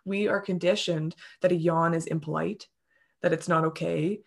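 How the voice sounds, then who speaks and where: A woman co-hosting a casual chat about breathwork, telling stories in a gushing, animated way. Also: fairly low pitch, moderate pace, vocal fry.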